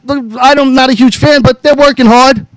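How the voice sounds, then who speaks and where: A man's voice: very high voice, steady tone, normal speed, no echo, poor audio. A man hosting a podcast, ranting angrily and swearing constantly, all worked up. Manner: profane, angry and fired up; calls out to co-hosts by name. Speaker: podcast host. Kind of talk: heated podcast rant.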